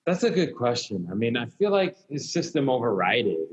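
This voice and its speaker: A man's voice: mid-range voice, big pitch swings, normal speed, breathy edge. A man being interviewed as a podcast guest, answering hesitantly with lots of "like" and "you know". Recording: dull lo-fi sound.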